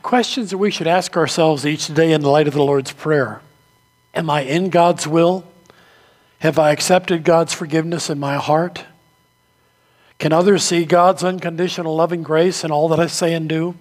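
A man with a high, light voice preaching in a church. He tells his stories with feeling and takes on the voices of the people in them. His words ring out with a long echo through the hall. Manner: storytelling preacher, acts out quoted voices. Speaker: pastor. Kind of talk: sermon.

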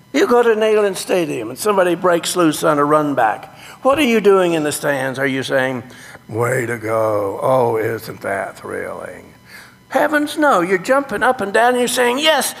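A man, a pastor teaching his congregation about worship in a sermon, animated with folksy exclamations, in a church sanctuary. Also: fairly high pitch, creaky. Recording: echoey sanctuary reverb.

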